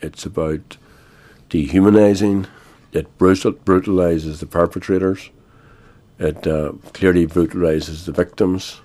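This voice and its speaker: An older Irish man, a guest in a radio interview, speaking in a measured, grave way with frequent pauses. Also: low voice, steady tone, dark tone. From Ireland.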